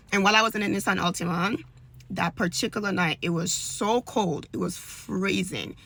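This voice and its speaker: A woman's voice: lowish voice, creaky, pushed and bright. A woman telling an emotional personal faith testimony in an earnest, conversational way. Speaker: storyteller giving a faith testimony.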